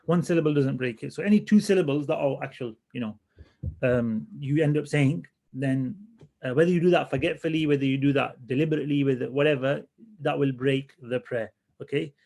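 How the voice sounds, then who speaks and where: A man teaching a religious class in a relaxed, conversational way, often restarting his sentences as he thinks aloud. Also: medium pitch, brisk, gravelly. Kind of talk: casual classroom lesson.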